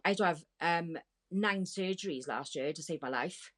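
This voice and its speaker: A woman with a low voice tells her story as a podcast guest. She rambles and gets emotional, and she swears freely along the way. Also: brisk, fairly bright tone. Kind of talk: candid storytelling.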